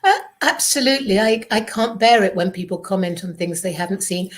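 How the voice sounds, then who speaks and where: A British woman on a radio chat show, wry and quick to laugh, answering the host with mock exasperation. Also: mid-range voice, expressive. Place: radio studio.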